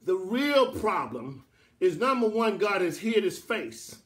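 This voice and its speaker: Pastor guy preaching loud, high bright voice, keeps repeating himself. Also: very animated, slow. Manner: preaching, rising to shouts, repeating phrases. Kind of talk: sermon. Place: church.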